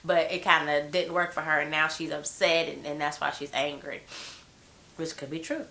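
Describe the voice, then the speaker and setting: A woman's voice: low-pitched, fairly even intonation, normal speed, vocal fry, sharp tone. A woman with a head cold giving a blunt, slangy, gossipy recap of a TV episode in casual chat. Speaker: TV show reviewer.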